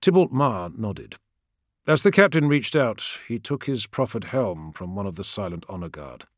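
A man narrating an action novel in a measured, dramatic way. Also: fairly low pitch, sing-song, dry recording, studio quality. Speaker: audiobook narrator. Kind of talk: scripted narration.

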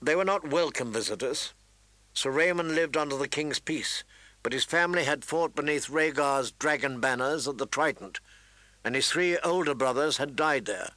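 Bright-voiced male audiobook narrator. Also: fairly high pitch, normal speed, no echo. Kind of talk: scripted narration.

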